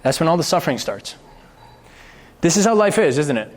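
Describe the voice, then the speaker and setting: A man giving a live motivational talk to an audience, animated and expressive, firing off rhetorical questions with the occasional swear word. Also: a little high, a little fast. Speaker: motivational speaker. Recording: reverberant hall.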